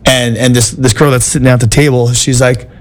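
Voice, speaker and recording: A male talk show host telling a story in a casual, animated way, full of "dude" and "like" and quick restarts. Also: medium pitch. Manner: animated and excitable, lots of "dude" and "like", frequent restarts.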